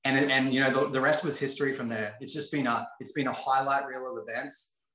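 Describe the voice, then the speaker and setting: A man's voice: mid-range voice, steady tone, fairly quick, bright, forceful tone. Earnest man telling his story, echoey. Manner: earnest, repetitive, emphatic. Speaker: guest sharing his life story. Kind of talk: motivational storytelling. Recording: roomy echo.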